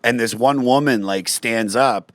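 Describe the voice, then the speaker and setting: A man tells stand-up stories in relaxed podcast chat, acting out other people's lines. His voice sits at a middle pitch. The recording is dry and close. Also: a little slow, no echo. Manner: animated storytelling, acts out quotes in a raised voice. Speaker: guest comedian.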